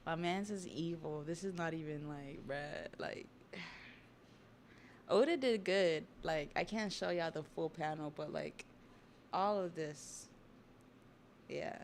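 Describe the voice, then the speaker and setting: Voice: medium pitch, slow, long pauses, slight background noise. A streamer casually recapping a comic on a livestream, with laid-back slang, laughter and swearing.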